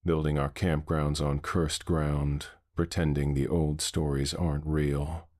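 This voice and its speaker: A man's voice: rumbling low, flat delivery, unhurried, darkish tone. A man voicing a frightened, bitter man in his fifties who steadies himself to face a monster. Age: 50s. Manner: shaky but steadying, bitter. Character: shaken middle-aged man facing a monster.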